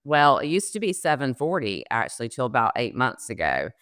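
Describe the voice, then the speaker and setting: A woman's voice: extremely low pitch, big pitch swings, brisk, a bit bright, no room sound, studio quality. A middle-aged woman, a mortgage loan officer, explaining credit scores in a casual podcast interview with frequent fillers.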